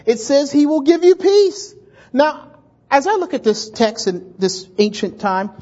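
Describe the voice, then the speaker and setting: A male pastor delivers a sermon with animated energy, often restarting his words and slipping into voices for his stories. The recording is dull and lo-fi. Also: extremely high pitch.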